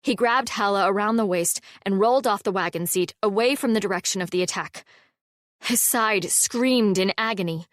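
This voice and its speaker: A woman narrating a cozy fantasy audiobook in a steady, wry storytelling manner on a close mic. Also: mid-range voice, normal speed, no echo. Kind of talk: scripted narration.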